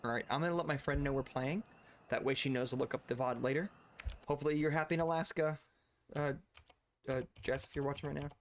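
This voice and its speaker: A man's voice: medium pitch, fairly even intonation, quick pace, a little hiss or hum. A man chatting casually while streaming a video game, laughing often and rambling into asides. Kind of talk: casual gameplay chat.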